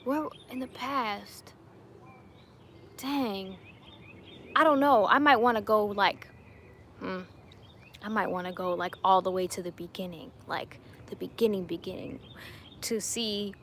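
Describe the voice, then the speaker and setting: A woman in her late twenties hosting a casual livestream from home, answering viewer questions in an earnest, reflective way with frequent soft laughs. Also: mid-range voice, fairly even intonation, unhurried, long pauses, a little hiss or hum. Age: late 20s.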